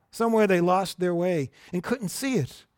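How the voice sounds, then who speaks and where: An earnest male preacher teaching from Scripture in a conversational way, often turning to his listeners with questions. His voice sits high for a man. The sound is close and dry, with no room echo. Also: unhurried, darkish tone. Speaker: Bible teacher. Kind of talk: sermon.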